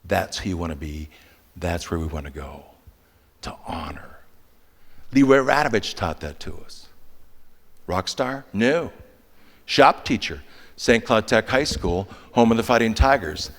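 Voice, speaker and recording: An older man giving a motivational keynote, shifting from hushed lines to animated storytelling. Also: deep voice, a little slow, pauses often. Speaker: keynote speaker. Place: large conference hall. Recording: long reverb of a big hall.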